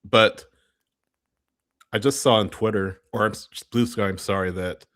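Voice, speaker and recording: Low-voiced guy cohosting a sports chat, chatty, laughs a lot, dry sound. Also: steady tone, unhurried, fairly bright tone, no echo. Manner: chatty, laughs often, self-correcting. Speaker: podcast co-host. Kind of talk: casual chat.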